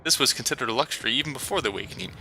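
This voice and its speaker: A man voicing a genial, salesy middle-aged male coffee vendor who talks in smooth, flattering patter. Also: mid-range voice, racing, slight background noise, rough recording.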